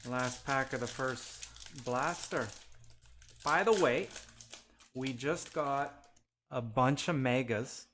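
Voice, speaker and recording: A man's voice: mid-range voice, slow, pauses often, fairly bright tone, a little hiss or hum. A man hosting a live card break, calling out player names one by one as he opens packs and chatting with viewers. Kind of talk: live-stream pack opening.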